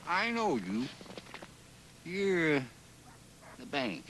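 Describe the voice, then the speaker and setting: An actor playing an eager, folksy gold-rush prospector who buttonholes a writer in a filmed drama. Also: male voice, a little high, huge pitch swings, extremely slow, noisy background, exaggerated voice. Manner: folksy, colloquial. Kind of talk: film drama acting.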